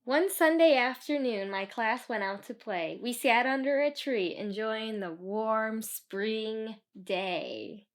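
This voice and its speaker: A woman's voice: fairly high pitch, lively intonation, takes it slowly, hardly any pauses. A woman reading a children's book aloud, stopping for chatty asides to explain the story to kids. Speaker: storybook reader.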